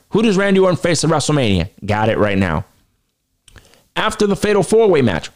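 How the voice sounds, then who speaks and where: A male podcast host talking solo in a casual, animated way. He swears freely and speaks with self-assured confidence. His voice sits at an ordinary middle pitch.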